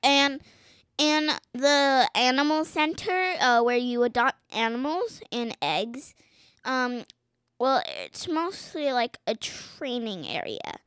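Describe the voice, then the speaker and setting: A woman's voice: high-pitched, expressive, slow pace, a bit bright, smooth, no room sound, clean studio sound. A young girl as a podcast guest, chatting casually and playfully, giggling and trying silly accents. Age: child. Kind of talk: casual chat. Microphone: podcast mic.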